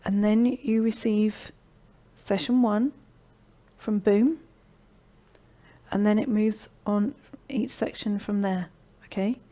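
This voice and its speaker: A middle-aged woman hosting a live online course session, pitching her program with encouragement and often checking in with "okay?". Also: steady tone, slow, mellow. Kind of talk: live-streamed sales pitch and Q&A.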